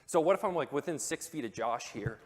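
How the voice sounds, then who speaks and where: A man's voice: a little high, very noisy. Man preaching in a reverberant church hall. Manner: conversational and animated, with joking asides and dramatic hushed pauses. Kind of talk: sermon. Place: church auditorium.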